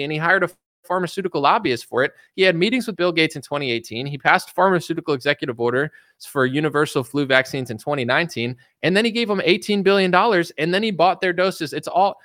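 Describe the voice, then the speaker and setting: Guy ranting about politics, kinda high voice, sarcastic, no room echo at all. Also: expressive, fairly quick, few pauses, a bit bright, clean studio sound. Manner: sarcastic, blunt, mocking. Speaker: political commentator. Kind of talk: casual opinion rant.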